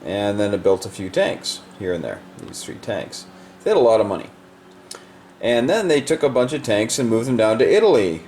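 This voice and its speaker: A man casually walks through the state of a board game, explaining moves in a loose, rambling way full of fillers. His mid-range voice has big pitch swings, a normal speed, and a slightly mellow tone, with slight background noise.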